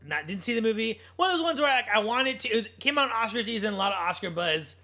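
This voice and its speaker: A man co-hosting a casual podcast chat, blunt and animated, swearing freely as he talks. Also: sits high, fast. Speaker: podcast co-host.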